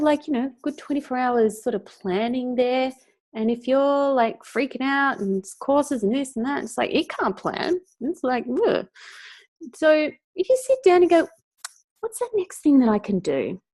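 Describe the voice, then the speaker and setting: A woman coach leads a live online training in a casual, chatty way. Her voice sits a little high. She keeps breaking into quick, lively impressions of the inner voices she describes. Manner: animated, acts out inner voices.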